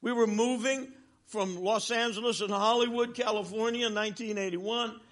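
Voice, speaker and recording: His high voice holds a steady tone at a normal pace as this sixty-something traveling preacher delivers a sermon. He tells stories with humor, shifting from loud passages to quiet ones.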